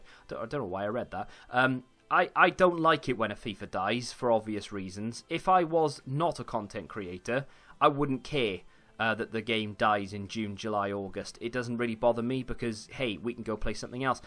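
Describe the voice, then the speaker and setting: Faint music sits behind a young man's medium-pitched, slightly bright voice as he talks at normal speed. A gaming YouTuber, he rambles casually over his own football video game, full of fillers and restarts.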